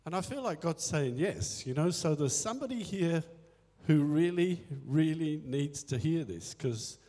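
A man's voice: a little high, expressive, a little slow, warm tone. A man speaking in a church service, candidly telling a personal story of faith with quoted inner dialogue and self-deprecating humor. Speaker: church elder. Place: church hall. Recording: echoey hall with faint music.

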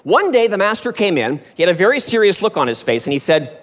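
Man, storytelling talk on stage, high voice, long hall reverb. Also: fast. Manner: lively, animated storytelling with acted-out voices. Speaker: speaker.

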